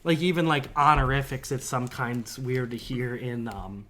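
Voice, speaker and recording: A man's voice: mid-range voice, moderate pace, pushed and bright, a little hiss or hum. A man co-hosting a podcast in casual chat, from the northern United States, rambling, often laughing and trailing off. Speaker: podcast co-host.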